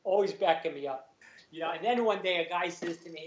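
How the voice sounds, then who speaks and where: A middle-aged man with a New York accent, a guest telling a story in animated, chatty fashion, acting out other people's lines and laughing often. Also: high-pitched, fairly quick, a little hiss or hum. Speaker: guest, actor and former police sergeant. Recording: roomy, slightly dull lo-fi sound.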